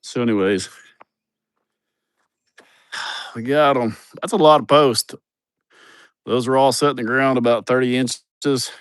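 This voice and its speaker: A man's voice: mid-range voice, steady tone, slow, long pauses, clear, resonant tone, no echo. A man chatting on a casual livestream outdoors, rambling, swearing and laughing at his own stories. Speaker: vlogger showing a building project. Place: outdoors at a building site.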